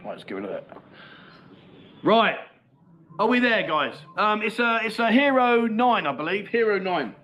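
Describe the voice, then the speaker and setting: A man's voice: high-pitched, very animated, moderate pace, pauses often, bright, forceful tone, a little hiss or hum. A middle-aged man, hosting a casual livestream and bantering cheekily with viewers as he reads out their comments. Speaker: livestream host.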